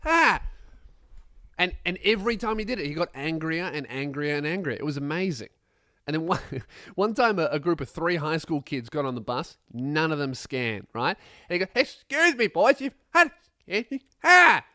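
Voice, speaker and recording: A young man telling a comic story as a podcast host, animated and swearing, acting out other people's voices. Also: fairly high pitch, brisk, dry recording, studio quality.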